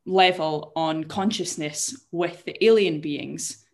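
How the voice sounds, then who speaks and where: A woman's voice: low-pitched, slow pace. A young woman co-hosting a casual chat show, explaining a story in a jokey, swearing way with frequent laughs and restarted words. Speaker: podcast co-host.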